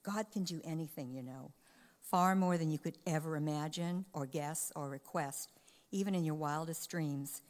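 A woman with a soft Boston accent reading scripture aloud in a sermon, with dramatic, varied emphasis. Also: sits low, normal speed, in a large hall. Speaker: scripture reader.

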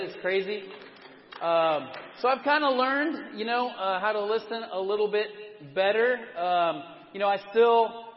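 Higher-voiced man preaching in a hall. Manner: relaxed, self-deprecating storytelling with many fillers. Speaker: pastor. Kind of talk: conversational sermon. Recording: dull sound with a long church-hall reverb.

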